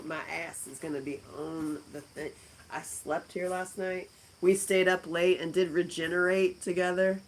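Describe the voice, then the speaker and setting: A woman's voice: on the low side, slight background noise, poor audio. Chatty woman hosting a live stream. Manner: chatty, laughing, answers viewer comments. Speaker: livestream host. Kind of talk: casual live-stream chat with viewers. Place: indoors at a friend's house.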